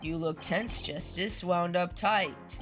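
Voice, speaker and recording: Woman doing a calm, polished senior lawyer. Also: fairly low pitch, takes it slowly, soft background music. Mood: composed. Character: smooth, composed male senior defense attorney.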